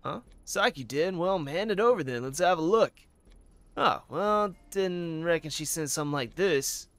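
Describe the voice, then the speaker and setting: A man's voice: on the high side, expressive, moderate pace, fairly bright tone, no echo, voice pushed up. A man voicing a friendly male police officer in a put-on American Southern drawl, chummy and folksy, reading game dialogue dry and close to the mic.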